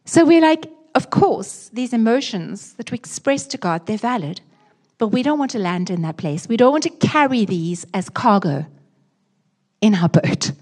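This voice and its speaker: A woman pastor preaching a sermon and leading prayer, expressive and emphatic, at times dropping to a soft hush. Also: a little high, moderate pace. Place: church.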